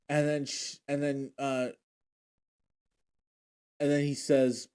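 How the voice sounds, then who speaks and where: A man's voice: mid-range voice, little pitch movement, slow pace, pauses often, mellow, clean tone. A man recapping TV episodes in a casual, emotional way, often restarting his sentences as he retells scenes. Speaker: show recap vlogger. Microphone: handheld or desk mic he adjusts.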